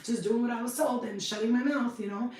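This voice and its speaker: A woman, telling her life story on a podcast, blunt and animated, acting out other people's voices. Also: on the high side, brisk, far from the mic. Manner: blunt, animated, swears freely, acts out voices. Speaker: podcast host. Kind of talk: casual storytelling monologue. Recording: echoey room, voice off-mic.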